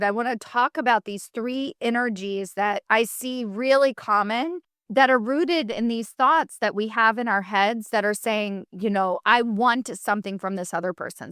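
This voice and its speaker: A woman's voice: a little high, normal speed, fairly bright tone, clear, resonant tone, dry recording, clean studio sound. A woman hosting a solo podcast, telling a personal story in a candid, chatty way and turning it into coaching advice. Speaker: podcast host.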